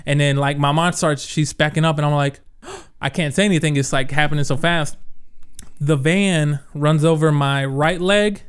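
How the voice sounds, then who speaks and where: A man co-hosting a podcast, telling a story in animated casual chat with lots of "like" and "bro", often breaking into laughter. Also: a little high, normal speed, smooth. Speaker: podcast co-host.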